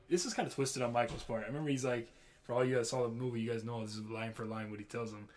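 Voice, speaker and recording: A man's voice: medium pitch, steady tone, rapid-fire, darkish tone. A young man co-hosting a podcast in casual chat, telling film scenes animatedly, quoting lines, swearing freely and calling his friend "bro". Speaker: podcast co-host.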